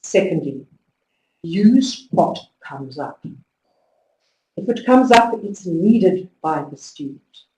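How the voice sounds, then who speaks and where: A woman giving a conference talk to teachers, telling stories with lively emphasis and driving home instructions. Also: fairly low pitch, takes it slowly, long pauses, a little hiss or hum. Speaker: conference speaker. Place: conference hall. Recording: echoey hall, distant mic.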